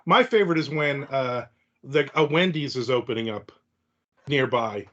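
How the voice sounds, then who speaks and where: A man hosting a podcast in casual chat, telling animated stories and acting out the people he quotes. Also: medium pitch, normal speed, dull audio. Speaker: podcast host.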